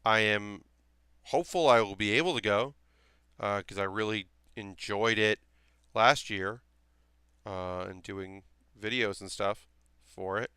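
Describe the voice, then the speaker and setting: Chatty man streaming, crisp bright voice. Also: fairly low pitch, unhurried, pauses often, no echo. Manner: chatty, reassuring, thinks aloud with restarts. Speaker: streamer building a model kit. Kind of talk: casual live-stream chat while building.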